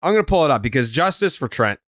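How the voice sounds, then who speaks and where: A man hosting a sports podcast in casual, animated chat, ranting and swearing. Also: medium pitch, fast, dry recording, clean studio sound. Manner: animated, profane, rants in put-on quotes. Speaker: podcast host.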